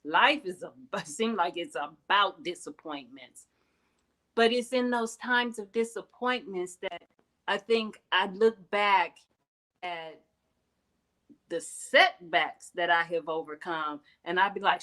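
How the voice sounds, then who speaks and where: A woman's voice: medium pitch, unhurried, a bit bright, poor audio. A middle-aged woman hosting a heartfelt motivational talk, earnest and candid, with emphatic rises in her speech. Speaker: host.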